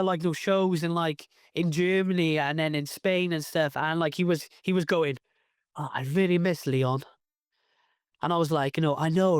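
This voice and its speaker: High, clear-voiced Cardiff Welsh man. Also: dry recording, studio quality. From Wales. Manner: rambling, lots of fillers and restarts. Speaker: professional wrestler, guest. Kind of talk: casual interview chat.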